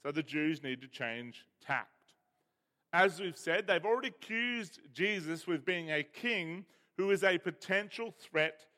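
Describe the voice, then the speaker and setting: A man's voice: high voice, bright, forceful tone. A man preaching a sermon, explaining a Bible passage with emphasis and reading scripture aloud. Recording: hall reverb.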